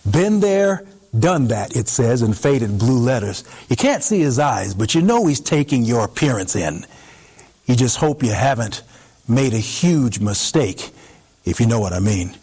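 A man narrating a story in the second person in an expressive, dramatic way, pausing for effect. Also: medium pitch, breathy edge.

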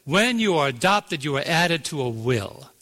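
A male preacher with a bright, forceful, somewhat high voice tells a story with strong emphasis. He stops to quiz his listeners and waits for them to call back the answer. A long reverb trails after each phrase. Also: very animated, normal speed. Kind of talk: sermon. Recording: long reverb of a large hall.

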